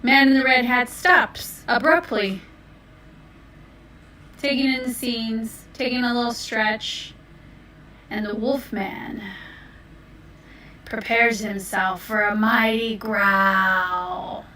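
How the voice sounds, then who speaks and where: A woman tells a story in a playful, unhurried way, slightly high in pitch and bright. She takes her time over every phrase. She sounds far from the mic, in a roomy space with some faint noise. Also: steady tone.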